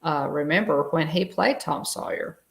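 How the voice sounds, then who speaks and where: Casting: middle-aged woman, low gravelly voice, rambling co-host chat. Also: normal speed. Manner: chatty, rambling, many fillers and restarts. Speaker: show co-host. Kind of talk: casual live-stream chat.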